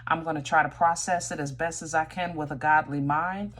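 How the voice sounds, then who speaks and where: Low-voiced chatty woman reading tarot. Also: fairly even intonation, brisk, fairly bright tone. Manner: chatty, talks straight to viewers, stops and restarts. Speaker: tarot reader.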